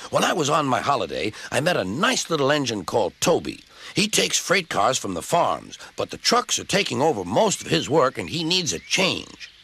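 A man's voice: medium pitch, wildly swooping pitch, normal speed, fairly bright tone, a little hiss or hum, voice pushed up. A man voicing a firm, decisive older male railway boss with a pompous manner. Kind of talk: storybook character voice.

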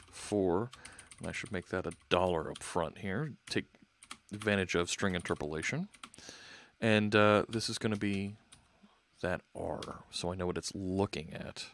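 A man's voice: fairly low pitch, a bit bright. A man hosting a live coding stream, thinking aloud as he works and chatting with viewers. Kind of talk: casual live coding narration.

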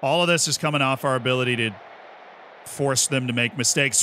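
A man streaming a football management game, who swings from quiet musing to loud commentator-style shouts. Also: some chatter behind, slight background noise. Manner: shouts goal calls like a sports commentator; drops low and quick when musing.

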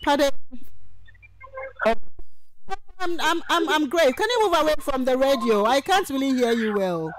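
A woman lecturer, teaching on radio and taking calls, who speaks warmly and affectionately and repeats points patiently. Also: sits high, animated, unhurried, long pauses. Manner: affectionate, calls listeners sweetheart and my dear. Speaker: university lecturer. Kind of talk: radio lecture with call-ins.

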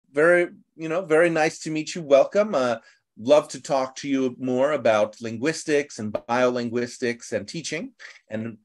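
A man with an American accent hosting an online English class, welcoming students loosely, with lots of fillers and restarts. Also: medium pitch. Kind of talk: casual online class chat.

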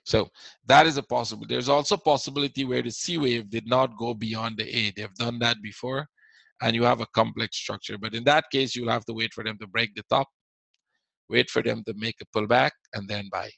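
A man's voice: mid-range voice, steady tone, fairly quick, gravelly, fairly bright tone, no echo, rough recording. A man teaching a live trading webinar, repeating his points and answering viewers as he goes. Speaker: forex trading instructor.

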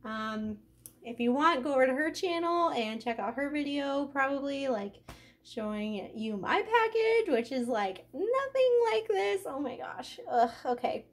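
A woman hosting a craft unboxing vlog, gushing and excitable, filling her talk with "like" and getting emotional and out of breath. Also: sits high, measured pace. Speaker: craft channel host.

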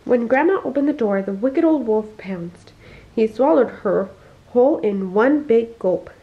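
A woman reading a children's bedtime story aloud, expressive and slowing down for emphasis, on a dull lo-fi recording. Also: a little high. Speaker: family storyteller.

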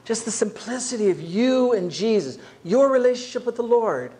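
A man with a notably high voice preaches a sermon as a pastor. He speaks to his congregation in a relaxed, conversational way rather than a formal one. His delivery is lively and direct. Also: normal speed. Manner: conversational, acts out quoted voices. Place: church.

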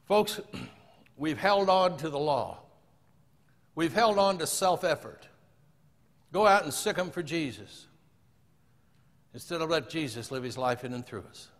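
Brief: earnest male preacher, slightly high voice, lecture hall with a long echo. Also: animated, measured pace, pauses often. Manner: earnest, dropping to a hushed low voice on scripture quotes. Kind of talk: sermon.

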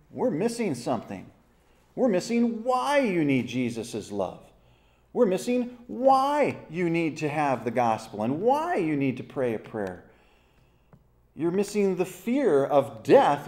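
A man's voice: on the high side, wildly swooping pitch, a little slow, a little mellow. A man leading a church Bible study, teaching animatedly, asking the group questions and acting out voices in his stories.

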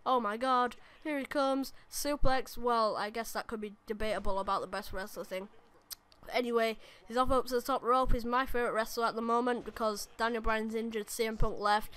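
A young woman with a higher-than-usual, smooth and clear voice rattles off live commentary on her own gameplay. She rambles between asides and sudden excited outbursts at the screen. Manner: excitable, rambling, quick bursts of shouting at the game. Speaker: gaming YouTuber.

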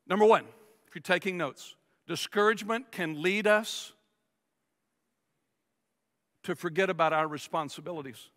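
A man preaching a sermon as pastor, emphatic and lively, sometimes acting out whiny complaints. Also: high voice, fairly quick. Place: large church sanctuary. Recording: long reverb of a church hall.

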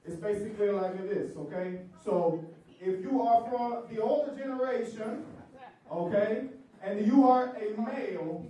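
A man putting on a Cuban accent as a loud, joking game-show host, hamming it up and mixing in Spanish. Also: very high-pitched. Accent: put-on Cuban. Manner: hammy, shouting to the room, mixing in Spanish. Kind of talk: comic party hosting. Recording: echoey hall from far off, faint crowd.

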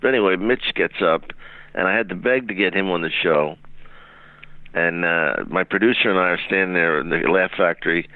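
Man, very low voice, dry dull sound, rambling anecdotes, casual host chat. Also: moderate pace, no room sound. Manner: rambling anecdotes with many fillers. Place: comedy club stage.

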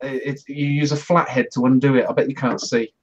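A man's voice: mid-range voice, fairly even intonation, brisk. Man co-hosting on a muffled mic. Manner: rambling, restarts, laughs easily. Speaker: podcast co-host. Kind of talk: casual banter.

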